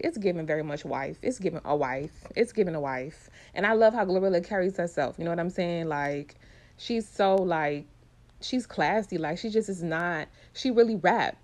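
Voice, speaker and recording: A woman giving casual, opinionated live reaction commentary on an awards show, chatty and full of slang. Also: fairly low pitch.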